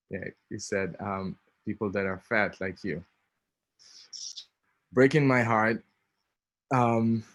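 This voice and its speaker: A man in his thirties with an Israeli accent tells a personal story in a chatty way, full of ums and small laughs. His voice sits on the low side. The recording is dry and close, with no room sound. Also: fairly bright tone, no room sound. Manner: chatty, many ums, laughs between lines. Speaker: speaker.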